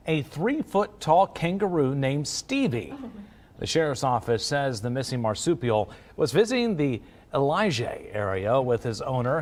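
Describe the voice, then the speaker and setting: A male news anchor reading a light morning news story in a lively, playful way. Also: medium pitch.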